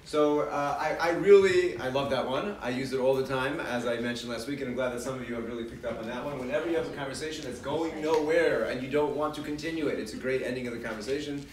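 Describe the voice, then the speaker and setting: Speaking fast with few pauses, a man with a steady, medium-pitched voice leads a chatty parenting class before an audience in a big hall. He fields questions and frequently restarts or repeats himself. The echoey hall is recorded from a distance.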